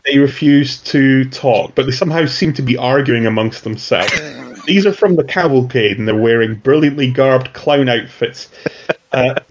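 A man's voice: medium pitch, normal speed, dull audio, a little hiss or hum. A man narrating a tabletop game as game master, rambling and chuckling between lines. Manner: rambling, with fillers and restarts.

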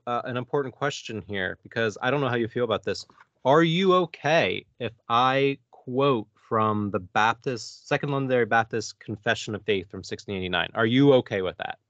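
A man's voice: mid-range voice, lively intonation, moderate pace, fairly bright tone, dry recording. A man from central Pennsylvania co-hosting a casual podcast, talking in an easygoing, joking way. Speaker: podcast co-host. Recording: dry, dull lo-fi sound.

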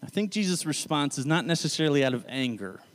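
A man's voice: fairly high pitch, animated, fast talker, long reverb tail. A man giving a casual Bible teaching, talking in a loose, conversational way and often correcting himself mid-sentence. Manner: conversational, self-correcting, paraphrasing scripture loosely.

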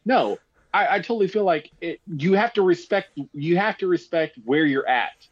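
A man's voice: sits high, lively intonation, moderate pace, highs cut off. A man chatting casually and giving his opinions in a rambling way, with many fillers and restarts. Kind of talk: casual chat.

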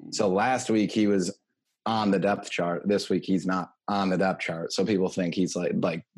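A man's voice: low voice, little pitch movement, normal speed. A young man co-hosting a podcast, talking bluntly and swearing in casual chat. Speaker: podcast co-host.

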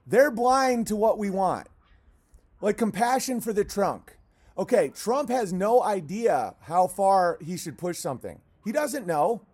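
A man with a high-pitched voice hosts a livestream in a loose, rambling rant. He swears freely and jumps from point to point, and he breaks off now and then to shout at barking dogs. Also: animated, a little slow, slightly rough. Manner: rambling, profane, cuts off to yell at barking dogs. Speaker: livestream host.

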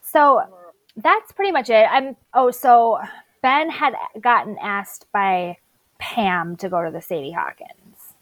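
A woman's voice: a little high, takes it slowly, no echo, rough recording. A woman co-hosting a casual podcast, recapping a TV episode in a chatty way and acting out bits of dialogue. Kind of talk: casual chat.

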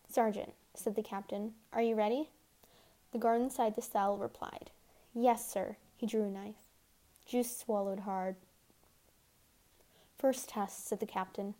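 A woman reading a novel aloud as an amateur audiobook, quick, giving the characters softly shifted voices. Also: medium pitch. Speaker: audiobook reader.

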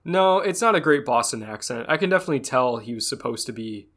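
A young man in casual podcast chat, mid-pitched and easygoing. He tells stories in an animated way and slips into acted-out lines of dialogue. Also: quick pace. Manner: animated, acts out game dialogue in raised voices. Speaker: podcast co-host.

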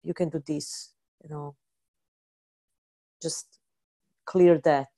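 A woman energy healing practitioner speaking in halting, non-native English, restarting and repeating words as she explains and practises healing statements. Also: low-pitched, level tone, mellow.

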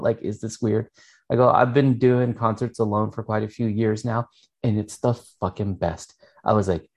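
A man's voice: mid-range voice, creaky, darkish tone, breathy edge. A man, co-hosting a podcast, telling stories in a casual, rambling way, with lots of fillers and swearing. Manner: rambling storytelling, heavy filler words and swearing. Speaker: podcast co-host. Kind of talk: casual chat.

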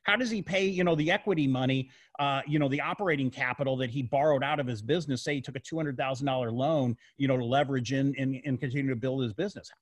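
A man's voice: mid-range voice, quick pace, few pauses, dry recording. A man in a casual discussion who talks emphatically, repeats his words and piles up rhetorical questions.

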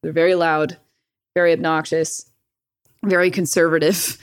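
A woman's voice: sits low, little pitch movement, moderate pace, clear, resonant tone. A woman chatting casually, telling a story, swearing freely, laughing often and acting out the lines she quotes. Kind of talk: casual chat.

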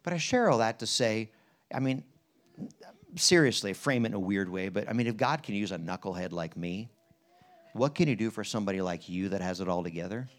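A man's voice: fairly low pitch, brisk. A man from Pennsylvania preaching at a church conference, telling a story in a folksy way and then leading the listeners in prayer. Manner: animated, jumps between quiet and loud in retelling, folksy asides; leads the room in prayer, asks listeners questions. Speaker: guest preacher.

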